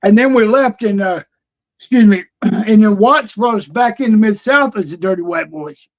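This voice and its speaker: An older man with a high voice, speaking at normal speed, is a retired pro wrestler appearing as a guest in a casual storytelling interview. He spins wrestling yarns as an animated storyteller, acting out old conversations. The stream audio is dull and lo-fi.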